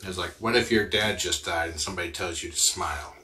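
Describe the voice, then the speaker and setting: A man's voice: low-pitched, fast talker, sharp tone, a little hiss or hum. A man hosting a livestream, chatting casually and answering viewer comments as they come in. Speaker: livestream host. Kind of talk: casual chat with live viewers.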